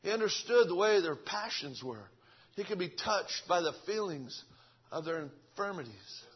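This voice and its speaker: A fervent preacher, repeating himself as he swings between shouting and hushed speech. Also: high voice, expressive, normal speed, breathy edge, lo-fi sound. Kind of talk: revival sermon.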